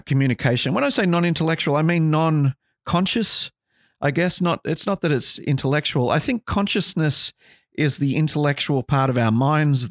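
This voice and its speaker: A man's voice: a little high, no echo, studio quality. A man hosting a podcast, talking through ideas in a casual, wry and musing way with sarcastic asides. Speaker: podcast host.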